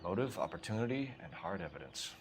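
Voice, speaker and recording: A man's voice: low voice, expressive, quick pace, faint music behind. An actor playing a terse, matter-of-fact male police detective in a 1940s crime game. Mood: flat.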